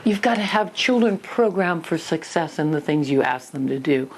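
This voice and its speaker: A woman's voice: sits low, expressive, moderate pace, slightly rough. An older woman giving a parenting lesson, telling personal stories earnestly and acting out little scenes. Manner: earnest storytelling, acts out scenes. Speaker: parenting teacher.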